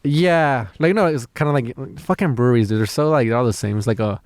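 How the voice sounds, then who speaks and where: A man's voice: mid-range voice, fast talker, darkish tone, no room sound, studio quality. A man, a stand-up comedian, telling a rambling story in casual podcast chat, full of fillers, restarts and swearing.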